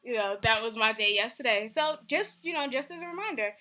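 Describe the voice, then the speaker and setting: A young woman tells a story straight to the camera in a casual vlog, animated and candid, acting out what people said. Her voice sits a little high and has a bright, sharp edge. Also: fairly quick, slight background noise. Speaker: vlogger.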